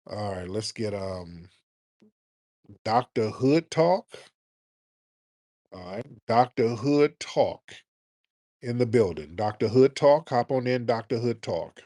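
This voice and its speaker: A man's voice: on the low side, animated, a little slow, pauses often, a little mellow, dry recording. A man hosting a live call-in talk show, brash and blunt, mocking his callers. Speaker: host.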